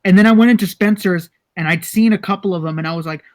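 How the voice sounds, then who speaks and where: A man's voice: high voice, fast talker. A young man co-hosting a casual podcast, telling rambling stories and swearing freely. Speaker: podcast co-host.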